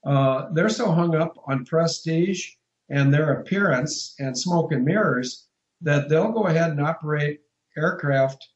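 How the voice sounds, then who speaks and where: Brief: talkative male interview guest, slightly high voice, roomy muffled line, emphatic and rambling. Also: unhurried. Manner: discursive, emphatic, spells out letters. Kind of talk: phone-in radio interview.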